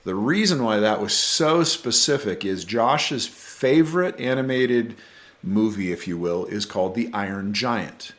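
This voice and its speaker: A middle-aged man telling personal stories as a podcast guest, earnest and halting, with frequent restarts. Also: fairly low pitch, expressive, a bit bright. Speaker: podcast guest, bereaved father. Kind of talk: conversational storytelling.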